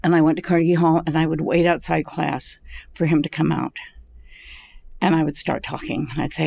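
Gravelly older woman telling stories. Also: low voice, fairly quick. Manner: animated, laughing storyteller. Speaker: actress guest. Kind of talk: casual storytelling interview.

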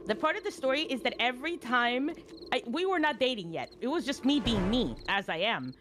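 A woman's voice: on the high side, very animated, fairly quick, noisy background. A woman streamer chatting while gaming, laughing easily and telling a story. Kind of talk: casual chat while gaming.

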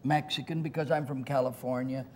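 An older American man, a guest actor, telling a lively anecdote in an interview and acting out the dialogue. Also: mid-range voice, fairly quick, a little hiss or hum. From United States. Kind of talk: storytelling interview.

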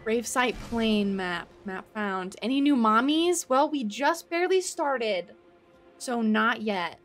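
A woman streamer talks through her game in excitable live commentary, gasping often and swearing without restraint. Her voice sits high and swings widely, and she talks at an unhurried pace. Faint game music runs underneath.

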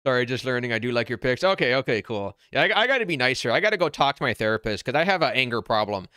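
A man hosting a casual livestream, answering viewer comments in a blunt, brash, half-yelling way while wearing headphones. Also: mid-range voice, sing-song, very fast, smooth, dry recording, clean studio sound. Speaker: crypto channel host. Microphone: wearing noise-canceling headphones.

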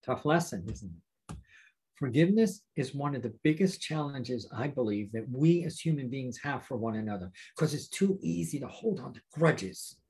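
A pastor teaching a Bible study to viewers, speaking emphatically and asking rhetorical questions. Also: male voice, medium pitch, expressive, normal speed, slightly rough. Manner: warm, direct address to viewers.

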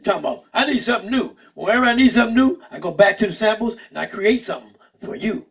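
A man hosting his channel, a funk musician calmly explaining how he builds songs from samples. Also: sits high, fast, gravelly, husky, far from the mic. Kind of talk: casual explanation to viewers.

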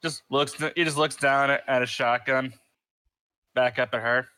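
A man playing a tabletop game, describing his character's actions in halting phrases. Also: mid-range voice, steady tone, pushed and bright, clean tone, no room sound. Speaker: player.

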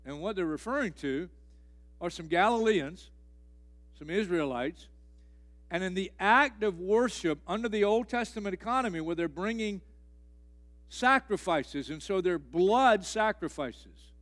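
A middle-aged man preaches a sermon in a church with a notably high voice for a man. He hammers home phrases by repeating them. His delivery rises to near-shouts and then drops to a hush. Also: lively intonation, a little slow. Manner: emphatic, repeating key phrases, swings between loud and hushed. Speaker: pastor. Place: church sanctuary.

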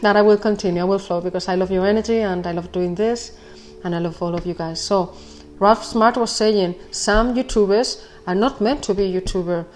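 Excitable woman giving a tarot reading. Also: mid-range voice, fairly quick, a little hiss or hum. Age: 40s. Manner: excitable, rambling, laughs often, keeps apologizing. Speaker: tarot reader. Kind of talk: casual spoken tarot reading.

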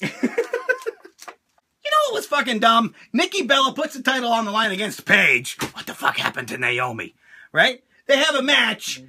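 A man hosting a casual chat show, excitable and profane, laughing often. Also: very high-pitched, a little slow, slight background noise. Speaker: host.

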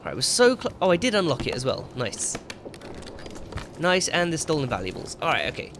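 An English gaming YouTuber commentates on his own play, jumpy and prone to yelping and swearing whenever something startles him. His fairly high, gravelly voice swings hugely in pitch at a brisk pace, against a noisy background.

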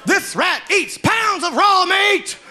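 A man playing a carnival sideshow barker who hollers a hard-sell pitch at passersby, recorded live with an audience laughing. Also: animated, slow pace, pushed and bright, heavily acted. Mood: hollering.

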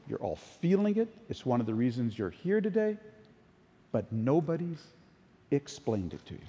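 A man's voice: a little high, dark tone. An older man giving a conference keynote talk, telling anecdotes in a conversational way. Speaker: keynote speaker. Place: large conference hall. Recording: long hall reverb.

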